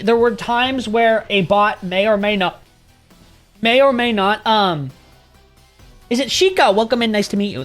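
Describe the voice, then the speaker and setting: A man's voice: sits high, a bit bright. A man streaming and chatting casually with viewers, rambling, swearing freely and laughing often.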